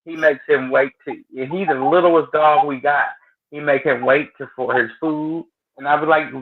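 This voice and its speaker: Male guest, casual and blunt, fairly high voice, phone-quality audio. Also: steady tone, normal speed. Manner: chatty, anecdotal, blunt. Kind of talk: casual chat. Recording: tinny phone-like line.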